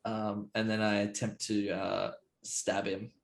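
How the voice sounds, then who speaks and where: Man tabletop player, slow-paced, amused, hesitant. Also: on the low side, monotone, gravelly. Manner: unhurried, amused, hesitant fillers. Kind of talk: playing a tabletop game.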